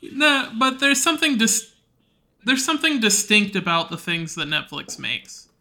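A playful man co-hosting a podcast in a high, bright voice. He jokes around and giggles through the casual chat. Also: sing-song, moderate pace. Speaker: podcast co-host.

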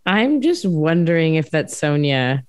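A woman musician chatting as a podcast guest in a bubbly way, quick to laugh. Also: sits low, sing-song, smooth, no echo, clean studio sound. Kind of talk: casual interview chat.

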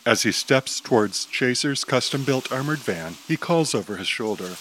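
A man narrating an audio drama at a mid pitch, steady and descriptive. Faint noise sits beneath his voice. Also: moderate pace, hardly any pauses, rough recording.

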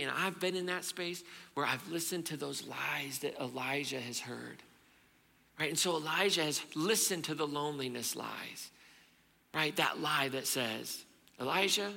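A male pastor preaches in an animated storytelling style, dropping suddenly to a hush. His voice is deeply gravelly and very bright. A long hall reverb trails his words. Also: moderate pace. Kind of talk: sermon.

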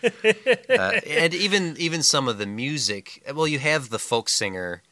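A man's voice: on the high side, measured pace, no room sound. A man co-hosting a podcast, talking casually about a film and sometimes acting out quoted lines. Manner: animated, breaks into quoted voices and laughs. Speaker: podcast co-host.

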